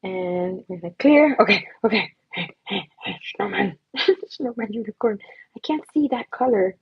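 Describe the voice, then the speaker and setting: A woman's voice: medium pitch, lively intonation, unhurried, vocal fry, slightly rough, no room sound, dull audio. A young woman hosting a casual drawing livestream, chatty and giggly, laughing at her own doodles as she talks. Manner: giggly, chatty, self-mocking.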